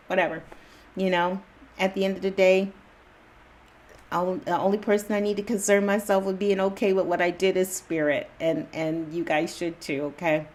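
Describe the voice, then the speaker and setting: A woman speaking straight to her viewers in a relaxed, reassuring pep talk. Her phrasing is loose and slangy, she repeats her comforts again and again, and she breaks into chuckles often. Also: medium pitch. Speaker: spiritual channel host.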